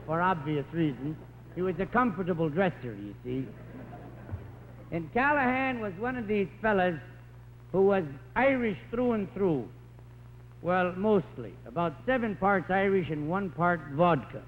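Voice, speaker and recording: A man's voice: high-pitched, lively intonation, measured pace, in a large hall. A man telling rambling joke stories as a stand-up comedian on a telethon stage. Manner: wisecracking, rambling anecdotes. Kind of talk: stand-up storytelling. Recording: tinny 1950s broadcast recording, faint hiss.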